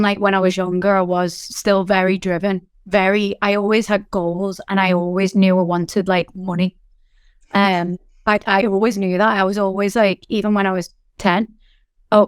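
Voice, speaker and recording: A woman from Liverpool with a Liverpool accent, speaking as a business founder in an interview. Her voice is smooth and resonant, and she talks in an animated, chatty way with lots of "like" and "you know." The recording is dry and close. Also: medium pitch, no echo. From England. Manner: animated, quick storytelling with frequent fillers. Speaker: company founder, guest. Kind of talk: candid interview talk.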